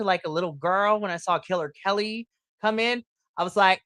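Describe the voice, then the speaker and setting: An excitable man co-hosting a wrestling podcast, full of swearing and loud acted-out reactions. His voice is bright and sits close and dry on the mic. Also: high voice, moderate pace, no room sound. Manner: excitable, swears, animated retellings with shrieks and laughs. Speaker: podcast co-host. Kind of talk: casual wrestling recap chat.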